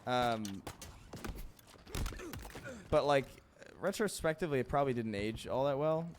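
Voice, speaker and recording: A man's voice: medium pitch, unhurried, noisy background. A man hosting a casual gaming stream, rambling, swearing a lot and laughing often. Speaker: streamer host.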